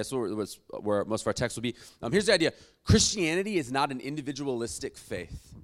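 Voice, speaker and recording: A pastor delivers a sermon in a mid-range male voice, alternating between loud, emphatic lines and quiet asides.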